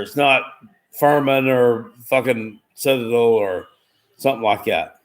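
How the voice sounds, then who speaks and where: A man hosting a live stream, asking trivia questions in a casual, excitable way, swearing now and then and often repeating himself. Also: medium pitch, a little slow. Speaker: livestream host.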